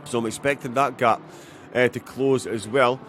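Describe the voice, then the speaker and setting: A man with a Scottish accent giving live commentary on a sim race, with many fillers and bursts of excitement at incidents. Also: mid-range voice, moderate pace, a little hiss or hum.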